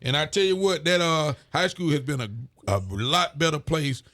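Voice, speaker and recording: A man, a sheriff hosting a casual local show, relaxed and folksy as he reads out viewer greetings. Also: a little high, moderate pace. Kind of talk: casual call-in style show chat.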